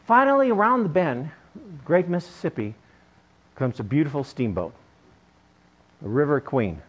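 A man's voice: on the high side, very animated, moderate pace, highs cut off. A male preacher delivering a sermon, telling a story in an emphatic way.

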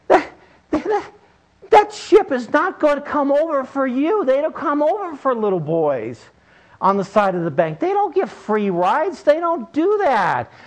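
Exasperated old fisherman, pleading and pitched up, played by a man preaching. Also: big pitch swings, measured pace, heavily acted. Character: flustered old man fishing, impatient.

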